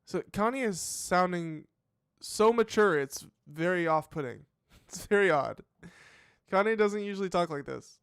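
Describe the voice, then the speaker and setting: A man's voice: sits high, animated, a little slow, a bit bright, smooth, no echo, studio quality. A man hosting a live reaction show, thinking aloud in casual commentary with many fillers and restarts. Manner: musing, hesitant, full of fillers and restarts.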